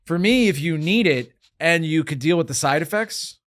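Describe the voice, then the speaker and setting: A man's voice: a little high, expressive, normal speed, fairly bright tone. A man hosting a podcast in casual chat, rambling and joking with many restarts. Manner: rambling, self-interrupting, joking. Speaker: podcast host.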